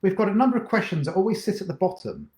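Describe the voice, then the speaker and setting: A man co-hosting a live question-and-answer session as a dance teacher, talking in a relaxed, rambling way and poking fun at himself. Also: high-pitched, very fast, echoey room. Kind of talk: casual live-stream chat.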